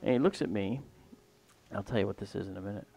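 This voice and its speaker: A man's voice: lowish voice, fast, gravelly, dark tone, dry recording. A man hosting a livestream and telling a long personal story in a casual, rambling way that often trails off mid-sentence. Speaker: livestream host.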